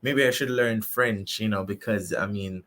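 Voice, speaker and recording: A man's voice: on the low side, moderate pace, noisy background. Chatty Jamaican man, laughing a lot. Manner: animated, laughs often, many fillers. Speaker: guest. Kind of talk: casual interview chat.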